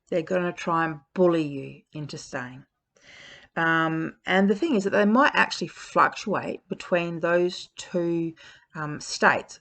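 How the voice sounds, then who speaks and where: A woman's voice: sits low, creaky, a bit bright. A woman giving frank relationship advice in a casual talk, speaking bluntly with frequent fillers.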